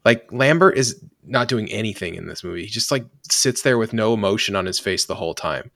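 A man's voice: on the low side, expressive, brisk, creaky, a bit bright, no echo, studio quality. A man co-hosting a podcast, talking casually and rambling with lots of restarts and fillers. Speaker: podcast co-host. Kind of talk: casual chat.

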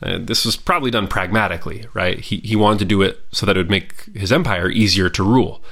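A man's voice: on the low side, fast, vocal fry, a bit bright. A man giving a casual, opinionated spoken review of a historical film, talking freely with frequent restarts and asides. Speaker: history commentator.

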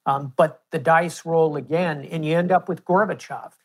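A man as an interview guest, explaining history in a measured, storytelling way. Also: on the high side, steady tone. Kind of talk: interview answer.

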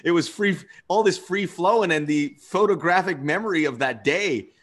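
A man's voice: on the high side, moderate pace, a bit bright. A man hosting his own podcast, chatting in a conversational, reflective way. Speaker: podcast host. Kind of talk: casual podcast chat.

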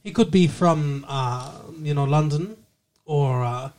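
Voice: medium pitch, slow pace, a little mellow. A co-host of a casual comedic podcast, reading personal ads aloud and riffing on them in a wry, rambling way full of asides.

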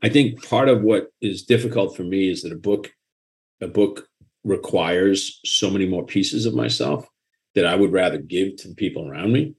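A man with a Boston accent, an author talking frankly and with animation in a casual interview. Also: low voice. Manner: frank and animated, quick asides and laughter.

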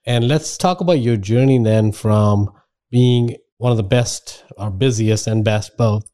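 Man, warm voice, friendly podcast interviewer, moves topics along. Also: on the low side. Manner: friendly, quick to affirm, steering the talk. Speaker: podcast host. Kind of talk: interview conversation.

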